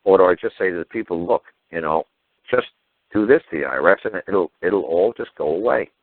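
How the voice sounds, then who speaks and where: Very deep voiced guy on radio, swears a lot, heated, dry tinny phone sound. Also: expressive, a little fast, dry recording. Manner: blunt, profane, heated storytelling. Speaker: radio show host. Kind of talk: call-in radio talk. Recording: phone-like narrow audio.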